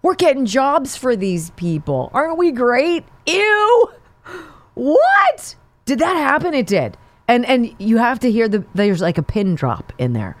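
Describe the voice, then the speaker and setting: A woman's voice: on the high side, very animated, normal speed, no room sound. A woman hosting a political talk show, delivering sarcastic, mocking commentary.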